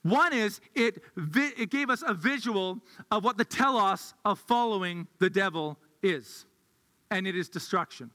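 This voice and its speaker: Guy pastor preaching, high bright voice, chatty, echoey hall. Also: animated, a little slow. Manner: conversational, thinks aloud with restarts. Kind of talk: sermon.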